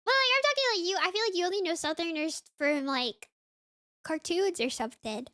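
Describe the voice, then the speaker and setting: A woman's voice: very high voice, expressive, brisk, sharp tone. A young woman from the US South with a light Southern accent, sounding sniffly and congested, chatting in a rambling way full of "like" while streaming a game. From US South (Florida, Mississippi). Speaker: VTuber streamer. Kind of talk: casual gaming stream chat.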